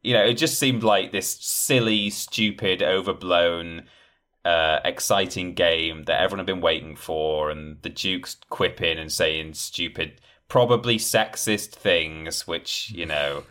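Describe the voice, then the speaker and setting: A man's voice: deep voice, measured pace, pushed and bright. A man in casual podcast chat, rambling with many fillers and acting out quoted lines. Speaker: podcast guest discussing game trailers.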